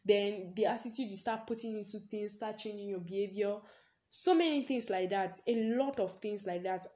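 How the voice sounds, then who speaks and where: A young woman talks through a personal story on her podcast in a loose, conversational style. She keeps leaning on the word "basically" and breaks into short laughs. Her voice sits at a middling pitch for a woman. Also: normal speed, warm tone. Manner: chatty storytelling, leans on "basically", laughs often. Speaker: podcast host. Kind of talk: casual personal podcast monologue.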